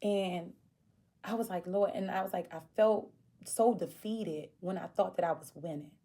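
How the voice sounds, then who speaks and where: A woman vlogger tells a personal story in a casual way, acting out the people she quotes. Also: normal speed. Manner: animated, acts out quoted voices with big pitch jumps.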